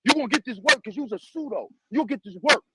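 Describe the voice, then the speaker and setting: A man's voice: extremely high pitch, animated, fast talker, a loud crowd, low-quality recording. A man arguing in a heated online debate, aggressive and profane, talking over his opponent. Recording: loud background noise with clicks.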